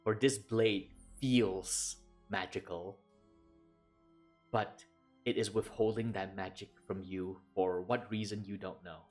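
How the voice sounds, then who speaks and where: A man narrating a tabletop role-playing game as game master in a measured, calm way. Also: lowish voice. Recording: faint background music.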